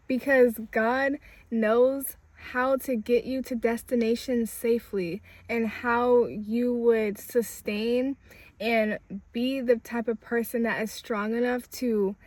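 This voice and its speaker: A woman's voice: a little high, a little mellow, dry recording. A young woman giving an inspirational spiritual message in a casual, conversational way, building emphasis through repetition. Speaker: spiritual speaker.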